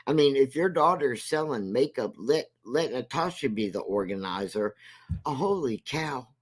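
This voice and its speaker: A man hosting a casual livestream, talking slowly and repeating himself for emphasis. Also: medium pitch, lively intonation. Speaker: livestream host; military veteran.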